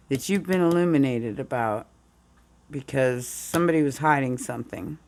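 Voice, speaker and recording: Slow-talking woman with a groggy morning voice. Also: low voice, slight background noise. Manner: meandering, talks through the cards as she goes. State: under the weather, groggy morning voice. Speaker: tarot reader. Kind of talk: casual tarot reading.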